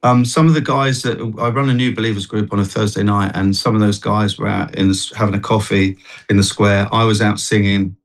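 A man's voice: fairly low pitch, steady tone, fairly quick, poor audio. Earnest rambling man telling a story. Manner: earnest, rambling, many restarts. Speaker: guest, street worship singer. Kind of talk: telling a personal story in a TV interview.

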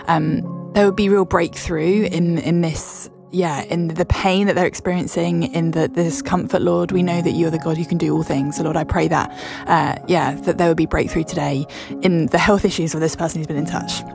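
A female radio host leading prayer on a morning show, halting, with fillers and repeated words. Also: lowish voice, steady tone, gravelly, music in the background.

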